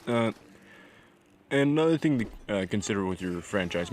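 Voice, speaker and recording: A man's voice: fairly low pitch, expressive, normal speed, a little mellow, slight background noise. A young man with a groggy morning voice giving crude, sweary, sarcastic advice in a casual vlog voice-over. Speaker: gaming video creator.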